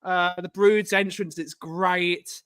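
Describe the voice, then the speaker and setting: A man's voice: high-pitched, steady tone, slow pace, fairly bright tone, clear, resonant tone. A man co-hosting a casual livestream chat, enthusiastic and greeting viewers by name. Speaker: livestream co-host.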